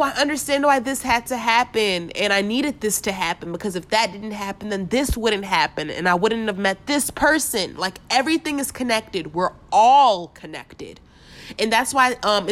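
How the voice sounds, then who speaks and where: A woman's voice: mid-range voice, a bit bright. Woman podcaster, casual and slangy, emotional with a cracking voice, speaking off the cuff alone in her room. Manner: heartfelt, repetitive, casual slang-filled. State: voice cracking, holding back tears. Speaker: podcast host. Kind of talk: spontaneous inspirational monologue. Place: bedroom, alone.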